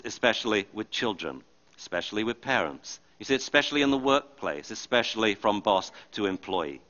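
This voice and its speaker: A man's voice: lowish voice, pushed and bright, muffled recording. A man, a dog trainer giving a stage talk, who tells anecdotes animatedly and acts out the people in his stories. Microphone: body or handheld mic.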